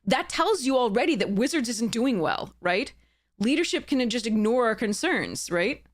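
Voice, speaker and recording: A woman's voice: on the high side, very animated, moderate pace. Woman, streamer, casual commentary, reads aloud, heated, sarcastic. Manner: heated, sarcastic, swears and apologizes. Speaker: streamer analyzing a letter.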